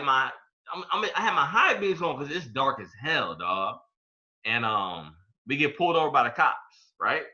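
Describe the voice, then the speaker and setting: A young podcast co-host with a mid-range voice tells a story in relaxed, slangy chat, growing quiet when it turns serious. The audio sounds dull.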